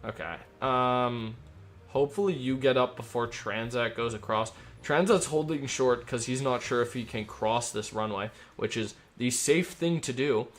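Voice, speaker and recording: A man streams himself running an airport tower. His voice sits at an average pitch, and he shifts between short, clipped clearances and loose, cheerful rambling to his viewers. Faint music plays underneath. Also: normal speed. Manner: chatty and upbeat, rambling asides between clipped controller calls. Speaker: streamer acting as air traffic controller. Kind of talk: live-stream commentary mixed with radio phraseology.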